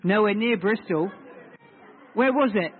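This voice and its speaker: A man with a high voice gives a relaxed sermon and leads a table discussion, repeating his questions and teasing people. The sound is thin and tinny, and it rings in a big reverberant hall. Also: measured pace, slightly rough, a faint crowd. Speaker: preacher leading a group session. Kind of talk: informal sermon with audience discussion.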